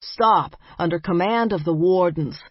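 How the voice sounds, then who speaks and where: Lady reading a pushy young brother in an audiobook, barks orders, kinda husky, slow. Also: deep voice, very animated, dry recording, lo-fi sound, exaggerated voice. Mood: commanding. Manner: demanding, impatient. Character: bossy young adult brother, a magic warden. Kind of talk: audiobook character voice.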